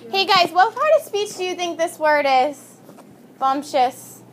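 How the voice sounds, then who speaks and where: A woman's voice: extremely high pitch, animated, a little slow. A woman teaching a vocabulary lesson in a classroom, upbeat and calling on students by name.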